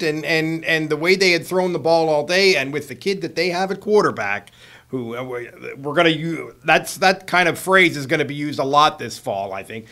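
A man, a sportswriter and co-host, talking football in a casual chat, often restarting his sentences and trailing off quietly. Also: a little high.

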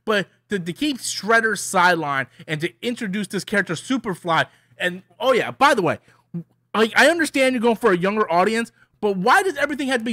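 A man's voice: sits high, lively intonation, brisk, bright, forceful tone, dry recording, clean studio sound. A man giving an annoyed, opinionated movie review in a rambling way, full of restarts and repeated words. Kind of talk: casual ranting review.

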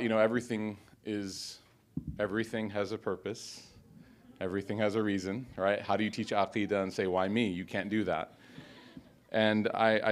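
A male teacher giving a heartfelt speech at a graduation ceremony, telling stories and reciting Arabic quotations. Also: on the low side. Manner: storytelling, emotional, quoting Arabic.

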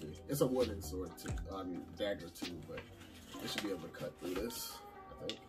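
A vlogger unboxing anime figures chats casually and talkatively with his viewers in slangy language. His low, expressive voice moves a little fast, picked up by a distant mic with music behind him.

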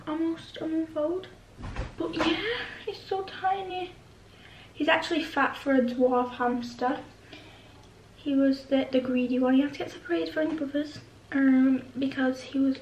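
High-pitched, excitable woman; casual home vlog, indoors. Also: highs cut off, a little hiss or hum. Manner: chatty and excitable, coos softly to her pet.

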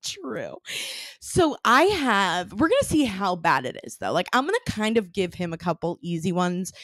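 A woman's voice: lowish voice, no room sound, clean studio sound. A young woman hosting a casual podcast chat, bubbly and laughing often. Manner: bubbly, laughs often, puts on silly accents. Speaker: podcast host.

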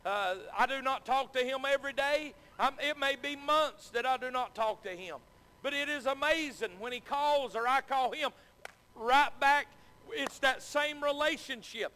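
High, bright preacher in a church. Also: male voice, normal speed, clean tone. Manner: repetitive, earnest preaching with frequent amens. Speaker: pastor. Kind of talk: sermon. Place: church sanctuary. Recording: long echo of a church hall.

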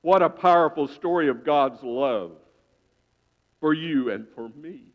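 A man preaching a sermon in church, telling a story with sudden loud swells and quiet hushed drops. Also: a little high, measured pace. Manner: dramatic storytelling, swelling loud then dropping to a hush. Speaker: pastor. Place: church sanctuary. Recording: dull reverberant church sound.

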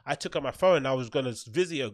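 Blunt, fast-talking man. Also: mid-range voice, no room sound, studio quality. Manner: blunt, opinionated, peppered with "right?" and swearing. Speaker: podcast host. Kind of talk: casual commentary monologue.

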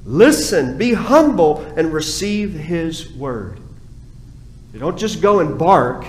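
A man preaching a sermon as pastor, passionate, dropping to a hush and then rising again. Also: fairly high pitch, very animated, slow pace, roomy sound, rough recording. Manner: impassioned preaching, swings from hushed to raised. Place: church sanctuary.

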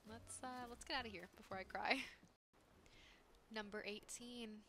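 Slow, chatty young woman gaming host. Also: mid-range voice, animated. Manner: chatty, giggly, talks to viewers. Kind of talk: casual gameplay commentary. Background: background game music.

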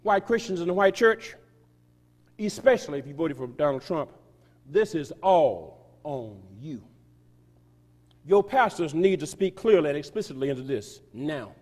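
A man preaching a sermon as pastor, reading a quoted text aloud with emphatic, sweeping shifts in loudness and pace. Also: on the high side, expressive, unhurried. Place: church sanctuary. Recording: reverberant church hall.

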